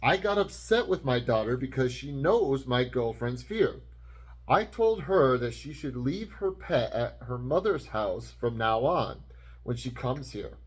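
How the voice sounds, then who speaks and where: A man co-hosting a podcast, reading a post aloud in a deadpan way during casual chat. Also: mid-range voice, a little slow, slightly rough. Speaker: podcast co-host.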